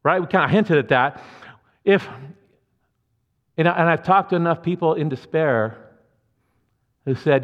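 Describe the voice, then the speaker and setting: A man's voice: fairly high pitch, measured pace, long pauses. A man preaching a sermon as pastor, conversational and earnest, with asides to the congregation. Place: church sanctuary. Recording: muffled church hall reverb.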